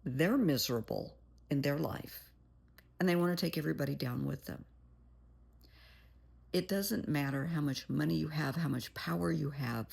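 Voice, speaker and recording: A woman's voice: deep voice, creaky, darkish tone, breathy edge. A woman therapist giving blunt, plain-spoken advice in a monologue, calling the listener "honey". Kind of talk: motivational monologue.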